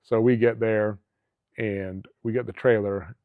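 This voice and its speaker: A middle-aged former police officer from Alabama, now a guest who also owns a travel agency, tells stories in a casual interview. His voice is fairly low and steady, a little slow, and he comes across as earnest and rambling, often restarting his sentences. The recording is dry, with no room sound, and tinny like a phone.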